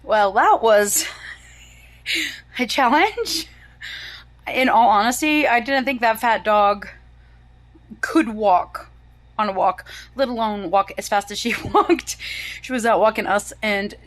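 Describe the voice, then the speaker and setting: A woman in her fifties vlogging about her day in a casual, chatty, animated way. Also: medium pitch, dry recording. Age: 50s.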